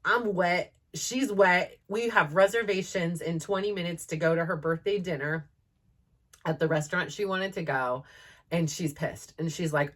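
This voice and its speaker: A woman in her thirties with a slightly low voice chats through a casual storytelling monologue. She rambles and fills her sentences with "like" and "um", and she laughs often as she talks. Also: moderate pace. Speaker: podcast host.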